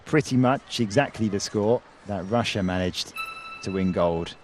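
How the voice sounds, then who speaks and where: Low-voiced male sports commentator. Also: measured pace, background noise. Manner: calls scores and names with a lift in voice. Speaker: play-by-play commentator.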